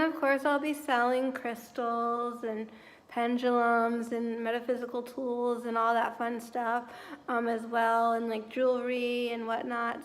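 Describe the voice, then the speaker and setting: A tired young woman chatting casually at home in a rambling vlog, full of fillers. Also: fairly high pitch. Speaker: vlogger.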